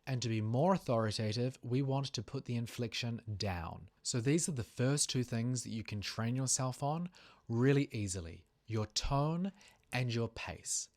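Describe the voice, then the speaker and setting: A man with a New Zealand accent giving a sales training talk in a measured, deliberate and emphatic coaching manner. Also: medium pitch, lively intonation, darkish tone. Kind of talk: instructional talk to camera.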